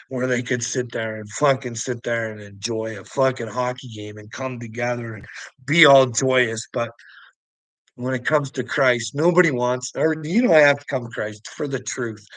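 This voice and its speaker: A religious video commentator with a medium-pitched voice rants close to the mic in a rambling monologue, agitated and swearing heavily. The recording is rough but has no echo.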